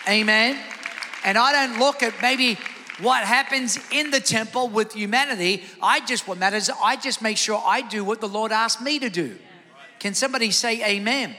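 A man preaching a sermon as pastor, energetic, calling out to the congregation for responses in a church sanctuary. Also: high-pitched, long reverb tail.

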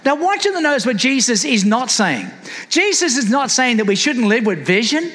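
A man's voice: very high-pitched, very animated, a little fast, pushed and bright, big-room sound. A man preaching a sermon as a pastor, calling out to the congregation with rising fervor.

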